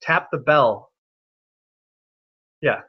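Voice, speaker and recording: A man's voice: mid-range voice, lively intonation, very slow, creaky, slightly rough, dull audio. A young man hosting an online hangout, telling a rambling, profane story full of restarts. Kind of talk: rambling casual chat.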